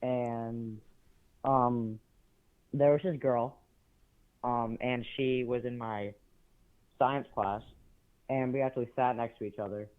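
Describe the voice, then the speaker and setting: A teenage male caller telling a story with many pauses and fillers. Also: mid-range voice, fairly even intonation, clear, resonant tone. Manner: hesitant, many ums and uhs. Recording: tinny phone line.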